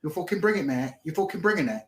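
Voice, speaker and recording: A man's voice: on the high side, lively intonation, fast talker, reverberant, noisy background, lightly acted. A man voicing an aggressive, swearing pub brawler from Hull, with a Hull accent. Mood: menacing. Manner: threatening, swearing, mocking.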